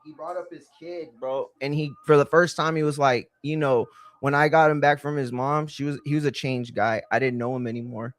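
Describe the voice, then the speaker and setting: A man's voice: on the high side, fairly even intonation, brisk, dry recording. Stream host, male, casual rambler, light voice, dry sound. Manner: rambling storyteller, slangy, says "bro" a lot. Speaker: livestream watch-along host. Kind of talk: casual live-stream chat.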